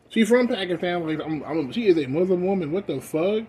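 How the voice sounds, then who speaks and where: A young man ranting casually while high, profane and rambling, with loud bursts that drop to mumbling. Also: animated, brisk, hardly any pauses, a little hiss or hum. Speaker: vlogger. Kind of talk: casual rant.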